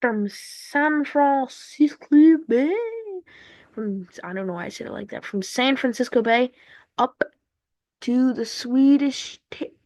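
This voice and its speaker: A woman's voice: on the high side, normal speed, darkish tone, no room sound. A woman giving casual, rambling commentary over a map, cracking jokes and playfully repeating words. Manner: playful, rambling, jokey asides; repeats words in sing-song fashion. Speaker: map video narrator.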